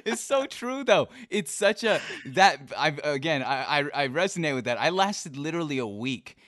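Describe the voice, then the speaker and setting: A man's voice: fairly high pitch, very animated, normal speed, a bit bright. A man hosting a casual interview, laughing often and asking open, encouraging questions. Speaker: podcast host.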